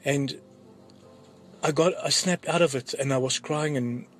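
A man giving an urgent, earnest testimony to his church, halting and often repeating his words. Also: a little high, a bit bright, soft background music. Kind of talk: urgent spoken testimony to a congregation.

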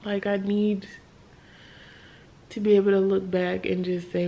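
Weary, candid young woman with gravelly fry. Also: mid-range voice, level tone, muffled recording. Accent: American. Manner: candid, tired, halting, with sighs and soft laughs. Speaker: vlogger. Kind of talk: emotional late-night vlog talk.

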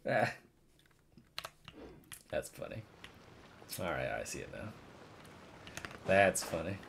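A male streamer giving casual, profane commentary on a game, laughing and thinking out loud. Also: deep voice, animated, unhurried, creaky, slight background noise. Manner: casual, swears freely, laughs often.

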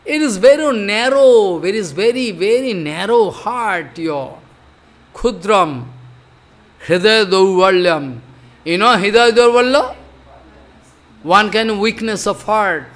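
A man's voice: high-pitched, lively intonation, takes it slowly, fairly bright tone. An older man giving a devotional discourse, chanting verses and explaining them with repeated emphatic phrases. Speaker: spiritual teacher.

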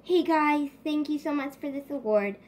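A woman's voice: high-pitched, moderate pace, a little mellow, lightly acted. A woman voicing a friendly, chatty blue toy pet dragon.

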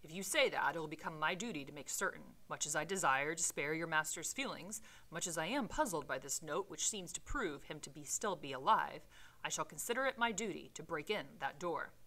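A woman reading as a deliberate male lawyer. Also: deep voice, animated, bright, forceful tone, heavily acted. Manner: deliberate, explaining. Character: measured, reasoning male lawyer. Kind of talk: storybook reading aloud.

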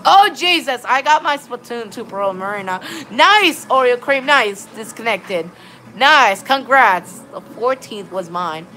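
A woman's voice: fairly high pitch, animated, measured pace, pushed and bright, soft background music. A woman live-streaming a game, chatting to her viewers in a rambling way and greeting them by name. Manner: rambling, repeats "all right, then" and "of course". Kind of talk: casual live-stream chat while gaming.

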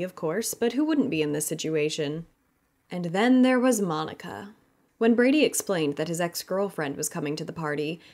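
Measured female audiobook narrator with a lowish voice. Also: a little mellow. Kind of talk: scripted narration.

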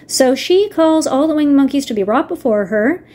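A woman with a somewhat high voice narrates a story recap in a casual manner. She moves between reading passages aloud and wry, offhand comments. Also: animated, moderate pace, warm tone. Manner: wry asides mixed with read-aloud passages. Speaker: video reviewer. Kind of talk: casual book-summary narration.

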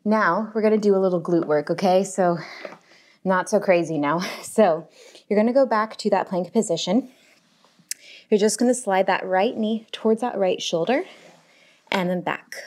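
A young woman teaches a home pilates and barre class, upbeat and encouraging as she counts reps and cues the workout. Her mid-range voice has a darkish tone. She's recorded on a lapel mic pack in a home workout space.

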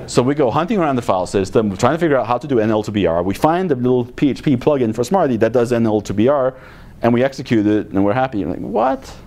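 A man's voice: medium pitch, expressive, quick pace, darkish tone. A man giving a technical conference talk in a blunt, exasperated manner with sarcastic asides. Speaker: conference speaker. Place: conference room.

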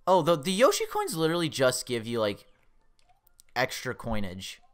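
A man's voice: mid-range voice, normal speed. A young man commentating his own gameplay, swearing a lot and yelping when the game startles him. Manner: excitable, swears often, yelps when startled. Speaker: let's play host.

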